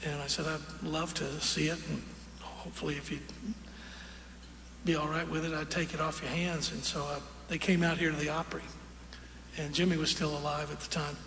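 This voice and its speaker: Gravelly man telling a folksy story in a hall. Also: fairly high pitch, flat delivery, a bit bright. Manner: folksy, unhurried, with fillers and quoted dialogue. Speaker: singer telling a story on stage. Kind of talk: onstage storytelling. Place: large concert hall with audience. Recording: roomy live hall recording with audience noise.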